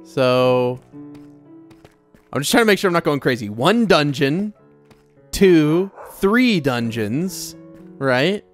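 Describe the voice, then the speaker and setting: A man giving casual gameplay commentary at home, excitable and quick to break into high-pitched shrieks and laughter, speaking into a desk mic with a windscreen while wearing headphones. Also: faint music behind. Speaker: let's play gamer. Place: home room with his puppy nearby.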